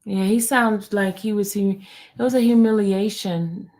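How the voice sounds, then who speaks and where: A woman chats through her reactions to trial footage, animated and talkative. Her voice sits at a middle pitch. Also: unhurried. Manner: chatty, animated, reacting aloud. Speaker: commentator on court trials. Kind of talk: casual reaction commentary.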